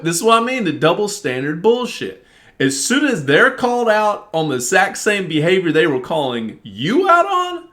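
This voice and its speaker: Animated, profane man venting to camera. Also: high-pitched. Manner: animated, profane, reenacts arguments. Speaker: vlogger. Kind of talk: casual venting monologue.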